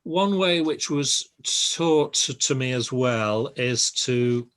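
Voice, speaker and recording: An older man giving a relaxed, reassuring language lesson, pausing often with ums and uhs. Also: medium pitch. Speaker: Spanish teacher.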